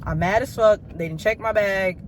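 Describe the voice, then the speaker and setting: A woman's voice: mid-range voice, moderate pace. A woman, a teacher, telling a profane, exasperated story about her trip in a casual storytime chat, filmed on a phone while she sits in a car. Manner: snaps at traffic while driving. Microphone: phone camera.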